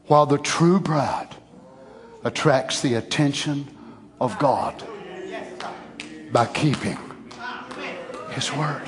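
A man's voice: mid-range voice, slow pace, pauses often. A middle-aged man preaching a sermon in a folksy, conversational way that swells into emphatic exclamations. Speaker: pastor.

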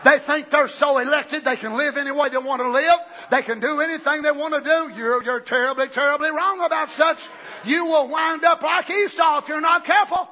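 A man preaching a fiery sermon, shouting fervently and then dropping to low, quiet asides. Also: steady tone, fairly quick. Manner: shouts fervently, swings between loud bursts and low asides. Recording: dull lo-fi recording.

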